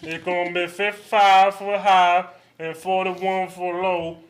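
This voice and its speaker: A man's voice: high voice, level tone, unhurried. A man doing a brash, boisterous male sports pundit impression while reading a forecast.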